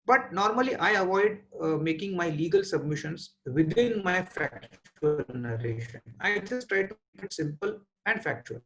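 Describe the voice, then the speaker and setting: A man in his forties with an Indian English accent, giving a webinar lecture as a trial lawyer, measured and pausing often with "uh" as he thinks aloud over a video call mic. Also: high-pitched, expressive, fairly bright tone, rough recording.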